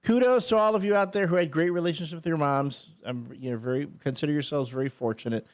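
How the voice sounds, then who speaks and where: A man hosting a radio show in casual chat, acting out quotes with animated energy. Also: on the high side, quick pace. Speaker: radio host.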